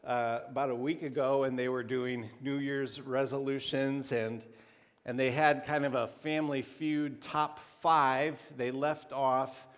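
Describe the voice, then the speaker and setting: A man preaching a sermon to his congregation as pastor, talking in a conversational, halting way with restarts. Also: medium pitch, flat delivery. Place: church sanctuary. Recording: long hall reverb.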